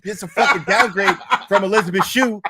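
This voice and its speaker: A man's voice: high-pitched, a little fast, very noisy. A man co-hosting a podcast, ranting in profane casual chat and laughing as he talks. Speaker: podcast co-host.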